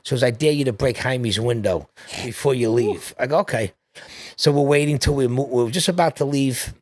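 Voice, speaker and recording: A man in his fifties with a New York accent, a podcast guest telling rambling, animated stories from his childhood in a casual chat. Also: medium pitch, a little fast, no echo, clean studio sound. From New York City. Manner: animated, rambling anecdotes with restarts.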